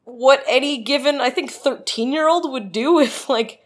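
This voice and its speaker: A woman's voice: high voice, normal speed. A woman co-hosting a casual podcast chat, sarcastic and swearing, often laughing at her own jokes. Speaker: podcast co-host.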